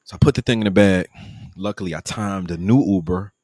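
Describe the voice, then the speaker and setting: A man casually recounting his trip during a live stream, animated, acting out the people he met. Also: fairly quick, no room sound, clean studio sound. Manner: animated, acts out quoted people in a higher voice. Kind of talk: casual storytelling.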